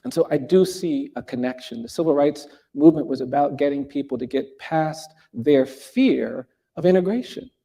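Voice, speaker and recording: A middle-aged man with a gravelly, husky voice and a mellow tone. He tells a personal story slowly and earnestly, restarting phrases and lifting his voice to stress key points. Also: on the high side, lively intonation. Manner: earnest, with frequent restarts and emphatic rises. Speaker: speaker telling a personal story.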